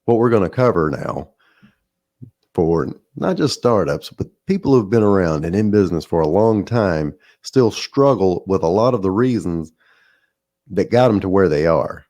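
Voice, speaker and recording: Middle-aged male podcast host; low, mellow, anecdotal and self-mocking. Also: very animated, moderate pace, dry recording. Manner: conversational, anecdotal, self-deprecating asides. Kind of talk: solo podcast storytelling.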